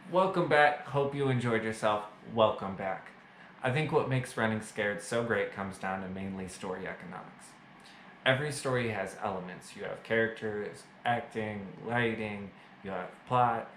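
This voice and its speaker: A man's voice: lowish voice, a bit bright, roomy sound, a little hiss or hum, poor audio. A man casually reviewing a movie to camera, chatty and full of fillers, with self-mocking jokes. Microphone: camera mic.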